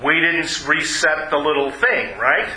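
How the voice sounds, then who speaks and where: A man teaching a Bible class, speaking haltingly with many repeated words and asking the group questions. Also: fairly high pitch, bright, forceful tone, roomy sound, poor audio.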